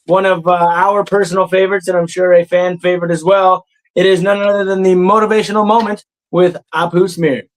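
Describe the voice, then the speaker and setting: A man's voice: high voice, little pitch movement, a little fast, rough recording. A man hosting a comedy podcast, talking loosely and repeating himself as he goes. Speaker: podcast host. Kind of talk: casual comedy podcast banter.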